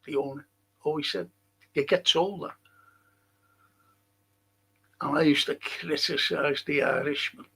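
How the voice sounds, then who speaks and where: A man's voice: a little high, fairly even intonation, a little slow, gravelly, long pauses, sharp tone, slightly rough, rough recording. A man hosting a casual livestream chat, reading out viewer comments and ranting bluntly with plenty of swearing. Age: older.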